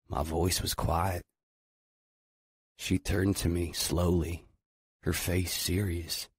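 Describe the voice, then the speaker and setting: Male audiobook narrator, deep and unhurried, brooding first-person read, dry close mic. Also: little pitch movement, breathy edge, no room sound.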